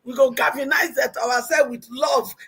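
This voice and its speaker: A woman's voice: high-pitched, fairly even intonation, moderate pace, fairly bright tone, breathy edge. A Nigerian woman speaking as a guest in a casual livestream chat, talking emphatically in Pidgin.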